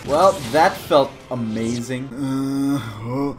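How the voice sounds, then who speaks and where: A young man narrates his VR gameplay in a playful, jokey way, trash-talking enemies and shouting when the fights heat up. His pitch sits in a middle range. Game music plays loudly behind him. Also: measured pace, hardly any pauses. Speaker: gaming YouTuber. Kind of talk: excited VR gameplay commentary. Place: home, playing VR.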